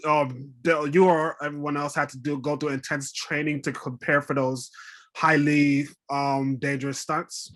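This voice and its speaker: A man's voice: on the high side, little pitch movement, moderate pace, a bit bright. A man interviewing an actor, asking questions with many fillers and laughing along.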